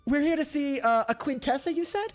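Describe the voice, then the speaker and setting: A man doing a squeaky little lady professor. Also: a little fast, faint music behind. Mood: polite. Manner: high, exclaiming, nervous questions. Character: small, fussy female professor, wary and quick.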